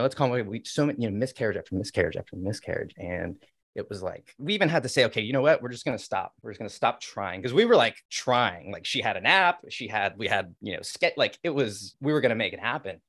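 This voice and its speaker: A man's voice: lowish voice, fairly bright tone, no room sound, studio quality. A man in his thirties, a podcast guest telling candid personal stories in a rambling way, with restarts and fillers. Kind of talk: candid conversational storytelling.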